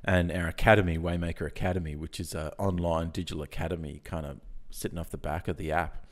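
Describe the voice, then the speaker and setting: A man, croaky from the early hour, talking with energy as a podcast guest and often restarting his sentences. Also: low voice, fairly even intonation, quick pace. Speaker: guest, software founder. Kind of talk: casual podcast interview.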